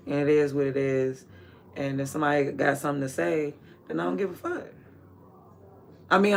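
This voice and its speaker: A man's voice: fairly high pitch, creaky, bright, forceful tone, slight background noise. A man chatting casually and candidly in a rambling, slangy way while watering plants. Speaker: vlogger.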